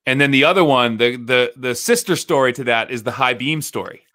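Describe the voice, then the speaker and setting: Bright-voiced man in his thirties, storytelling. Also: medium pitch, fairly quick. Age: 30s. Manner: swearing, storytelling, rambling. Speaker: podcast co-host. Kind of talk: casual chat.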